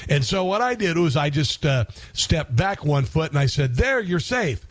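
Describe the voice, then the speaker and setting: A man's voice: a little high, animated, moderate pace, dry recording. Combative sarcastic male talk show host. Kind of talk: opinionated talk radio monologue.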